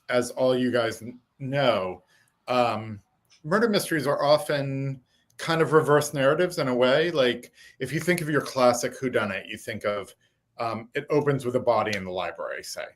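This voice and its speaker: A man's voice: mid-range voice, moderate pace. A man guesting on an interview show, talking in a thoughtful, explanatory way. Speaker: author guest. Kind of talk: casual interview chat.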